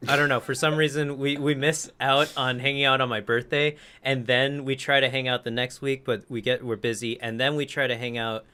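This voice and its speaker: A man's voice: medium pitch, flat delivery, fairly quick, few pauses, sharp tone, smooth. A man co-hosting a casual podcast, telling a rambling story that he keeps correcting as he goes. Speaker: podcast co-host. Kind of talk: casual chat.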